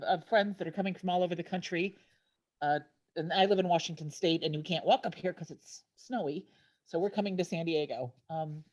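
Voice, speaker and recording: A woman in her fifties speaks in a fairly low voice over a video call. She is tearful and emotional, stumbling and restarting as she shares her story as a team captain. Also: a little mellow. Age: 50s. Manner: halting, with many restarts. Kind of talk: personal testimony on a video call.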